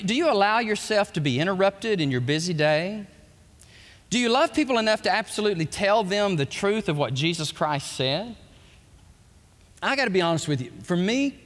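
A male pastor preaching a sermon, with animated shouts and quick drops to asides. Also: sits high, in a large hall.

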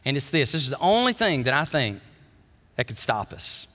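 A man preaching a sermon as pastor, animated, dropping low and soft and then climbing high and loud. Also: normal speed. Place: church sanctuary. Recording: church hall reverb.

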